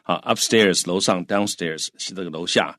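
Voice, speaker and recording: A man's voice: low-pitched, normal speed, a bit bright, dry recording, clean studio sound. A man co-hosting a bilingual English lesson, explaining grammar patiently with frequent fillers.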